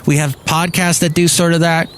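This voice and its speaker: An American man who works in talk radio hosts a casual solo podcast, rambling enthusiastically and correcting himself as he goes. His voice is fairly high and a bit bright, with little pitch movement, at normal speed, over slight background noise.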